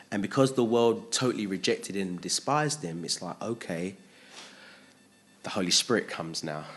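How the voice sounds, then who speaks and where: Lively man preaching a sermon. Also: sits low. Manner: animated, acts out voices, laughs at himself.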